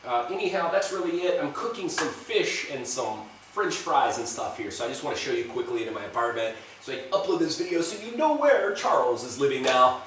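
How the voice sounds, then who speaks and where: A man's voice: medium pitch, expressive, a little fast, hardly any pauses, fairly bright tone, recorded from a distance, slight background noise. A man vlogging in a rambling, chatty way, swearing now and then, giving a tour of a small apartment. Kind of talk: casual vlog chat and apartment tour. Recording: echoey room, voice off-mic, faint ambience.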